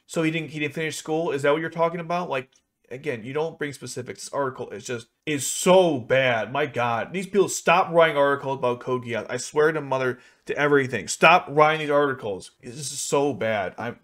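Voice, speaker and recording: A young man commenting on an article for his video channel, ranting in an exasperated, sarcastic way with sudden jumps in pitch. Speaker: YouTube anime commentator. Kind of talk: reacting to and rebutting an article.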